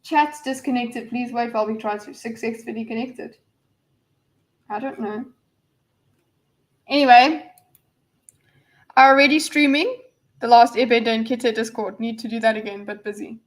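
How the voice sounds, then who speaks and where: A woman's voice: a little high, fairly even intonation, moderate pace, pauses often. A woman hosting a casual livestream, rambling and reading viewers' messages aloud with lots of fillers and restarts. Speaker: livestream host.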